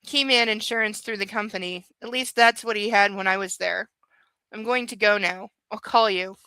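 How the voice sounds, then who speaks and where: Weary, guarded rich man, short clipped lines, read by a woman in her own bright voice. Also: mid-range voice, fairly even intonation, moderate pace, smooth, no room sound, rough recording. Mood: terse. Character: man of a wealthy family, tired and guarded.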